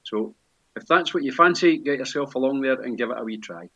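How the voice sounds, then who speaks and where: A Scottish man in his sixties giving a relaxed, chatty walking-tour vlog, full of local slang with frequent pauses. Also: mid-range voice, dull audio. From Scotland. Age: 60s. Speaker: vlogger and tour guide. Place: outdoors on busy city streets and inside a pub. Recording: street noise and traffic behind.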